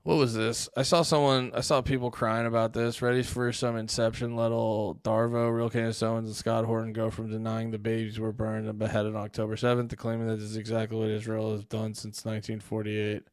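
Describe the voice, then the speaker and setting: A man's voice: lowish voice, completely flat delivery, a little fast, few pauses, clean tone, dry recording, clean studio sound. A male livestream host giving casual commentary, profane and sarcastic, often breaking into laughter as he reacts. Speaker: streamer host.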